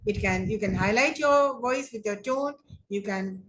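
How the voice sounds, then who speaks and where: A woman teaching an online English class on debating, speaking deliberately and often rephrasing her points. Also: medium pitch, poor audio. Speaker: English lecturer.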